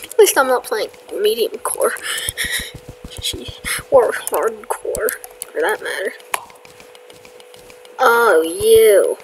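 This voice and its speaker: A woman's voice: mid-range voice, lively intonation, takes it slowly, long pauses, a little hiss or hum, low-quality recording. A woman giving casual, chatty commentary over her gameplay, self-mocking and often dropping into whispers. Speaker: gamer.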